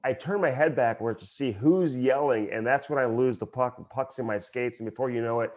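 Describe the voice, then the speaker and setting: A man's voice: medium pitch, brisk, darkish tone. A man co-hosting a podcast who works as a broadcaster, telling a story in casual chat while laughing at himself.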